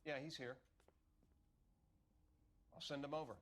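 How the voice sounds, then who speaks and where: A man's voice: on the high side, fairly even intonation, unhurried, slight background noise, lightly acted. An actor playing a matter-of-fact male police colleague passing on information.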